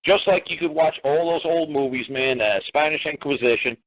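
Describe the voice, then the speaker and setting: A man's voice: fairly high pitch, moderate pace. A man talking insistently on a radio talk show, firing off repeated rhetorical questions that grow heated. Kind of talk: emphatic call-in radio talk. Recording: tinny phone-line radio audio.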